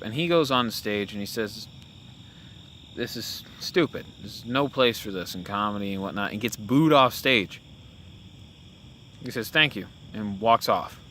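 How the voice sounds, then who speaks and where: A young man talks casually as a podcast host, his voice bright and forward. He rambles, restarting sentences and filling gaps with "uh" and "you know". Faint hiss and insect sounds sit behind him. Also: medium pitch. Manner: rambling, with many fillers and self-corrections. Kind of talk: casual opinion monologue.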